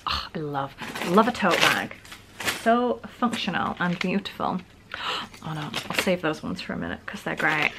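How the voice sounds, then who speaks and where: A young woman with a Northern English accent talks through her presents in a chatty, gushing way with little laughs. Her voice sits on the low side, recorded on a camera at home with faint noise behind it. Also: lively intonation, normal speed, gravelly. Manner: chatty and gushing, giggly asides. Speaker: vlogger. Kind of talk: casual haul vlog. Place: home room. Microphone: camera on a stand.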